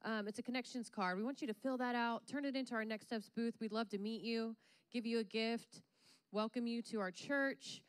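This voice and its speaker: A woman's voice: fairly high pitch, fairly even intonation, moderate pace, clear, resonant tone, no echo. A woman giving upbeat, joking church announcements, welcoming guests. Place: church sanctuary.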